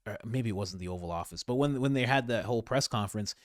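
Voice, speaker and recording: A man's voice: lowish voice, quick pace, no echo, clean studio sound. A man hosting a podcast, giving casual political commentary in an opinionated, exasperated way. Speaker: podcast host.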